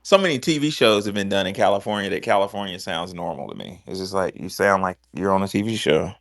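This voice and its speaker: A man's voice: low-pitched, quick pace, a bit bright, no room sound, clean studio sound. A man hosting a podcast, telling loose, profane stories in casual chat. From American South. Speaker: podcast host.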